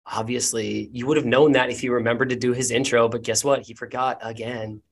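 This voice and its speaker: A man voicing a sardonic half-elf woman shopkeeper's assistant with a curt, deadpan manner in a tabletop game. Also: medium pitch, brisk, close to an everyday voice. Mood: annoyed.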